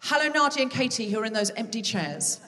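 In a large theatre, a comedy podcast host jokes with the live audience during stand-up crowd work. Her voice is a little high, sing-song, pushed and bright, and she talks quickly. The stage microphone picks her up from a distance, with big-room sound and slight background noise.

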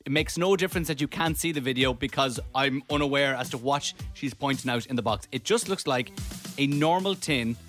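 A man hosting a radio show, chatting playfully and telling stories with lively energy. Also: mid-range voice, a little fast, soft background music. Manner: playful, animated storytelling. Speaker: radio host. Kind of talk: casual radio chat.

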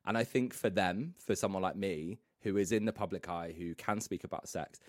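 Young uk guy, radio presenter type, lowish voice, dry close mic, chatty and jokey. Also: normal speed, no echo. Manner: chatty, laughs often, self-mocking. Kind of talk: casual podcast chat.

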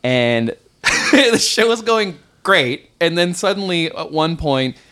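A man, a comedian, telling a story in a relaxed, measured casual chat. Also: on the high side. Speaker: comedian guest.

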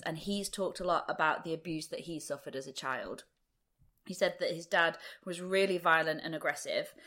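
A young woman hosting a true-crime podcast, chatting fast and laughing often. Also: on the low side, fairly bright tone. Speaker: podcast host.

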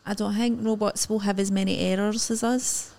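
A woman with a Scottish accent co-hosting a podcast in casual chat, wry and chatty, often chiming in with quick agreement. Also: mid-range voice, steady tone, gravelly, darkish tone. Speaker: podcast co-host.

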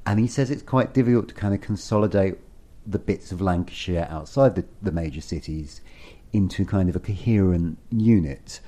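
Guy cohosting a chatty podcast, low voice, kinda husky, animated. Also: moderate pace, few pauses. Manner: chatty, animated, self-deprecating. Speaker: podcast co-host. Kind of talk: casual conversational chat.

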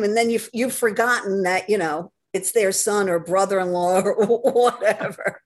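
A woman's voice: mid-range voice, steady tone, normal speed, hardly any pauses. A woman author as a podcast guest, telling anecdotes animatedly and acting out little quoted asides. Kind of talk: casual interview chat.

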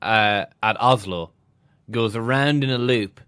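A man from Ireland co-hosting a football podcast, quick with jokes. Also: on the low side, a bit bright, clean tone, dry recording, clean studio sound. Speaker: podcast co-host. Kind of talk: casual football chat.

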